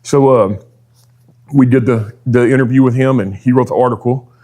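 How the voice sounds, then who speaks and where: A man's voice: mid-range voice, fairly even intonation, moderate pace, dark tone. A man, a drag racer telling his story as a podcast guest in a rambling, folksy way. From Texas. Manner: rambling, folksy, peppered with "dude" and quoted dialogue. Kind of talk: casual storytelling.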